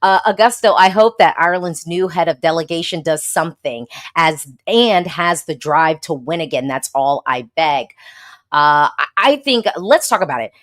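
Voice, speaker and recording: Woman host, American, casual livestream chat, lower pitch, emphatic and playful. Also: animated, normal speed, fairly bright tone. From United States. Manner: chatty, sassy, frequent laughs and emphatic repeats. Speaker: Eurovision blogger, host. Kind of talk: casual livestream chat reading viewer comments.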